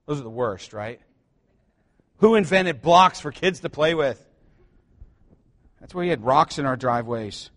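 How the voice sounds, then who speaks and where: A middle-aged man preaching a sermon as pastor, joking and shifting between loud emphasis and quiet asides. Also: mid-range voice, expressive, measured pace, pauses often.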